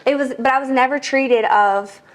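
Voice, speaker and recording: Young woman host, winded from a workout, rambling chatty delivery, slightly high voice. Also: normal speed. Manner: chatty, lots of "like" fillers. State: out of breath. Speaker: podcast host. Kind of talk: casual chat while working out.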